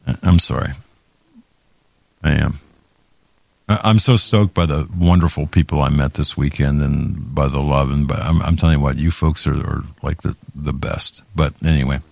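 A man's voice: very deep voice, fairly even intonation, moderate pace, gravelly, no room sound. A man hosting a talk show, giving heated political commentary with many restarts and stumbles. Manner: heated, ranting, with frequent restarts.

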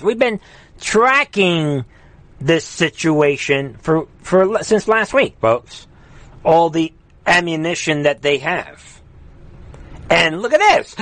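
A man hosting live political commentary in a heated, mocking, rapid ranting manner. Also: a little high, a bit bright, no room sound. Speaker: host.

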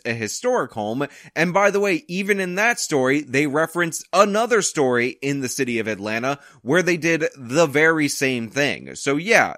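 A man hosting his own channel, commenting on a news story in an exasperated, sarcastic, animated way from his apartment. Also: mid-range voice, no echo, clean studio sound.

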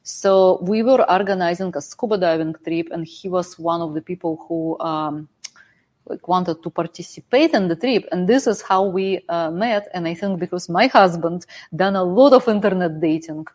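A woman from Russia with a Russian accent, a guest in a casual chat, speaking hesitantly with fillers and soft laughs. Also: lowish voice, normal speed.

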